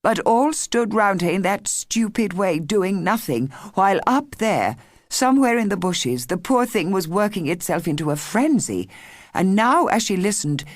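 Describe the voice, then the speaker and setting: Woman audiobook narrator, low voice, lively rise and fall, slow and measured, dry close sound. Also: no echo. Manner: measured, expressive storytelling. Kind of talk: scripted narration.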